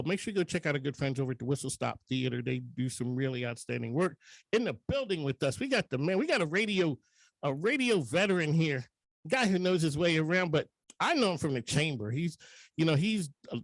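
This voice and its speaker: A man's voice: fairly high pitch, no echo. A male radio host talking in a joking, rambling, chatty way in a studio. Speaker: radio talk show host. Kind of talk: casual radio talk.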